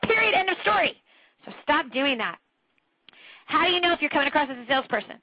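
A woman's voice: high voice, very animated, quick pace, no echo, highs cut off. A woman coaching listeners on a training call, talking emphatically and slipping into mocking impressions. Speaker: sales trainer. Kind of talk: motivational training talk on a group call.

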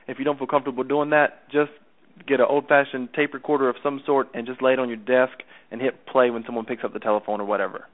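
A man coaching someone over the phone in a chatty way, often repeating himself and checking that he is understood. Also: mid-range voice. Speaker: sales coach. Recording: tinny phone line.

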